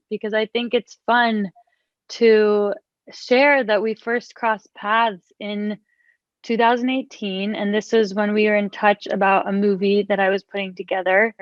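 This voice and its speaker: A woman's voice: medium pitch, no echo. A young woman chatting casually with lots of fillers and restarts, and sometimes reading aloud from her own book. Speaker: author and interviewer. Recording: dull lo-fi, dry sound.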